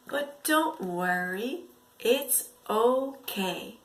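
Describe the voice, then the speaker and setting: Slow, lively woman teaching preschoolers. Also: fairly high pitch. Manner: slow, exaggerated and expressive, with gasps and whispered asides. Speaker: English teacher for young children. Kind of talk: storytelling lesson for preschoolers.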